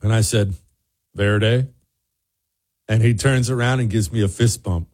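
A man hosting a talk show who tells a digressive travel anecdote to his co-host in a lively way. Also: lowish voice, brisk. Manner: animated, digressive storyteller.

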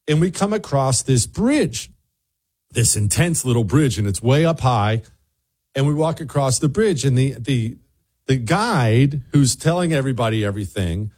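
A man hosting a talk show who tells a digressive travel anecdote to his co-host in a lively way. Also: mid-range voice, husky. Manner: animated, digressive storyteller.

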